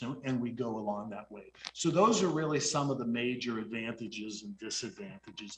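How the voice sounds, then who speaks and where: A man's voice: mid-range voice, moderate pace, few pauses, a little hiss or hum. A middle-aged man, a guest in the mortgage business, who explains his work and acts out talks with his clients. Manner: storytelling, acts out dialogues with clients. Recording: roomy echo.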